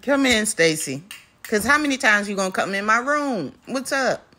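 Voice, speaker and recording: A woman's voice: mid-range voice, expressive, moderate pace, pushed and bright. A woman filming a casual family vlog at home on her phone, teasing and chanting playfully. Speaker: vlogger. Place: home indoors. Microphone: handheld phone. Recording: noisy home phone recording.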